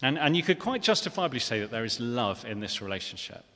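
A man's voice: medium pitch, big pitch swings, fast, bright, forceful tone. Preacher man in an echoing church. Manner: earnest, with frequent restarts and rhetorical questions. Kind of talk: sermon. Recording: long reverb of a church hall.

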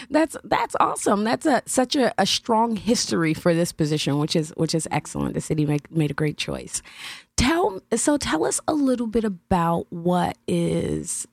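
A woman's voice: on the low side, very animated, normal speed, vocal fry, dry recording, studio quality. A woman hosting an interview, enthusiastic and a little rambling, laughing often between questions. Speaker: host. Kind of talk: interview conversation.

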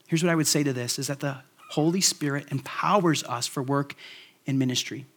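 Man, pastor, conversational sermon, lots of fillers, fairly high voice. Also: fast, a bit bright. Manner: conversational, frequent fillers, prays to close.

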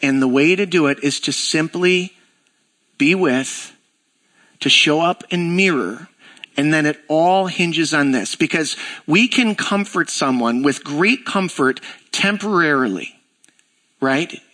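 Bright-voiced man preaching a conversational sermon. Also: on the high side, unhurried. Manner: conversational, animated storytelling with acted-out dialogue. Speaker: pastor. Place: church.

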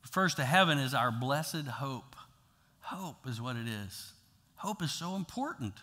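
Man preaching with a bright, ringing voice. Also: mid-range voice, lively intonation, a little slow. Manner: conversational preaching, swings from loud to hushed. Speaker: pastor. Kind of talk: sermon. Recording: long hall reverb.

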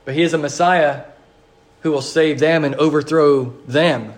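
A man delivers a sermon as a pastor, his voice sitting noticeably high. He speaks earnestly in a repetitive liturgical cadence, slowing down on emphatic phrases.

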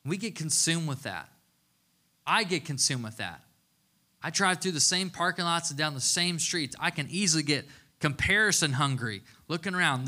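A man in his thirties preaches in a relaxed, conversational way, telling stories with a playful sense of humor. His voice sits a little high for a man. It has a bright, forceful edge. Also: moderate pace. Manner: casual, chatty storytelling with playful humor. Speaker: pastor. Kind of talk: conversational sermon.

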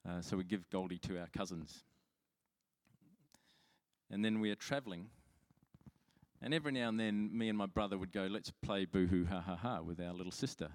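A man's voice: deep voice, moderate pace, long pauses. A man preaching a sermon as pastor, telling stories in a chatty, self-mocking way with frequent restarts. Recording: long hall reverb.

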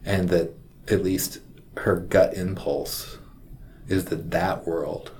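A man who works as a hospital chaplain, telling a personal story in a reflective, halting way. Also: sits low, level tone, a little mellow, a little hiss or hum.

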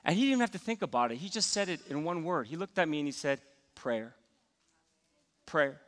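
A man's voice: a little high, big pitch swings, very fast, fairly bright tone, in a large hall. A man preaching a sermon as pastor, telling a personal story and acting out his own thoughts.

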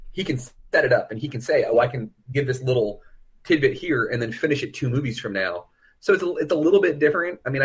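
A man's voice: mid-range voice, fairly bright tone, husky. A man co-hosting a podcast, talking casually and animatedly about a film. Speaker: podcast co-host.

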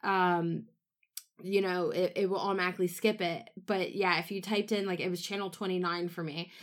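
A woman's voice: lowish voice, little pitch movement, moderate pace. A woman, a podcast guest, chatting casually and laughing as she tells a story. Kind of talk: casual chat.

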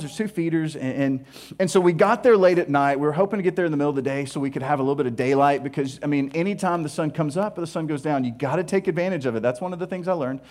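A male pastor preaching a sermon in an animated, storytelling way, laughing at himself along the way. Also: fairly high pitch.

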